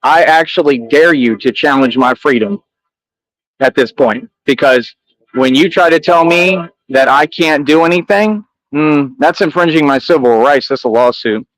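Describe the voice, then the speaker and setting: A man's voice: fairly high pitch, moderate pace, fairly bright tone, rough recording. A man talking straight to camera as a vlogger, boastful and combative, addressing critics in heavy street slang and repeating himself. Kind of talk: defiant monologue to camera.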